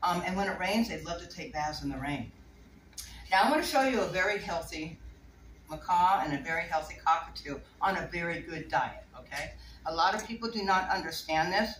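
A woman talks casually about keeping birds to a small audience, rambling and laughing often, in a low-ish, expressive, slightly bright voice at a fairly quick clip. The room is echoey, the mic distant, with faint noise.

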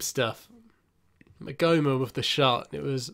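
A man's voice: mid-range voice, a little slow, vocal fry, long pauses. Chatty man reacting to gameplay. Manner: chatty, self-mocking, swings between mumbled asides and excited outbursts. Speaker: gaming YouTuber. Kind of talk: casual gameplay commentary.

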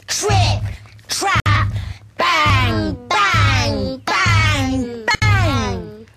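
A woman presenting a children's programme, reading a story aloud and coaxing children with questions in an animated way. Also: fairly high pitch. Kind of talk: storytelling and quiz game for children.

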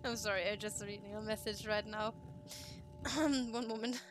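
A woman's voice: mid-range voice, fairly even intonation, normal speed, music in the background. A woman with a German accent chatting casually while playing a game, swearing freely and poking fun at herself. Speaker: let's play streamer. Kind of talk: casual gameplay chat.

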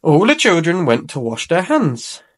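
A man reading a children's storybook aloud in an expressive, animated way. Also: fairly high pitch, a little slow, husky.

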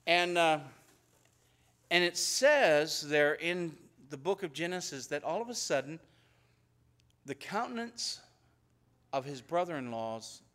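A pastor telling Bible stories in a conversational sermon and acting out the dialogue. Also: male voice, a little high, expressive, slow pace, long pauses, a bit bright. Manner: conversational storytelling, acts out biblical dialogue. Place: church.

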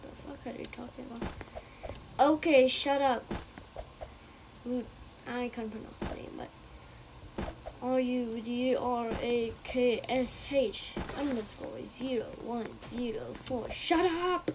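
A high-voiced woman talks her way through a video game in an unhurried, drawn-out way, chatting to herself and cursing freely. Her asides sink to muttered whispers. Heavy background noise sits under everything. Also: little pitch movement. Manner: talks to herself, swears a lot, shrieks when startled, drops to muttered whispers. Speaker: gamer playing on stream. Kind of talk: casual gameplay commentary.

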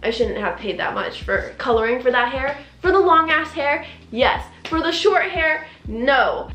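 High-voiced upset woman ranting. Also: fairly bright tone, echoey room. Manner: upset, rapid recounting with quoted dialogue. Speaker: vlogger. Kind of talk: casual storytelling rant. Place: indoors at home, doing makeup.

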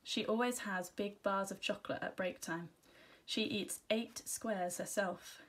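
A woman teacher reads a children's storybook aloud. Her first-person narration is gentle and expressive, and her voice sits at an ordinary middle pitch. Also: measured pace. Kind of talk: storybook reading.

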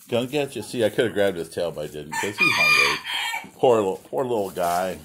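A man's voice: deep voice, very animated, fairly quick, heavy background noise. A man in his fifties, short of breath and coughing, rambling playfully while tending his backyard chickens. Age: 50s. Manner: rambling, playful, chatty with the hens. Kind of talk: casual vlog chat. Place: outdoors at a chicken coop. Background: hens clucking and roosters.

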